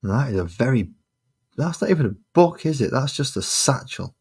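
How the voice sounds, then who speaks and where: A man's voice: mid-range voice, sing-song, normal speed, a little mellow, slightly rough. A man streaming his miniature painting, chatting casually and muttering sarcastic asides to himself as he works. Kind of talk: casual chat while painting.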